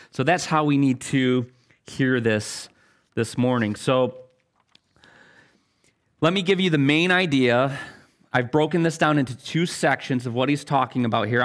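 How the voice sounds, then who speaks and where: A man preaching a sermon to his congregation in a church sanctuary. He talks in an earnest, conversational way, often restarting his sentences, and his voice sits in a middle pitch. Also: a bit bright. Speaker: pastor.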